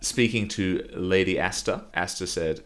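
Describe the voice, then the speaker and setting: Speaking a little slowly in a deep, fairly bright voice, this man co-hosts a casual podcast. He gives famous quotes a lifted emphasis as he reads them out and laughs frequently between them.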